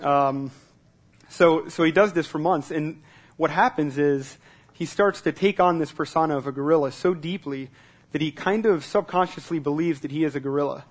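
A man preaching a sermon in a relaxed, conversational way at a church service, repeating words as he starts sentences and asking the congregation questions. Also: a little high, normal speed. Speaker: pastor.

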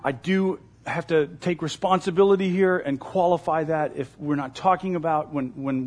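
A man's voice: high-pitched, darkish tone. A male pastor preaching a sermon in an earnest, emphatic way, repeating key phrases.

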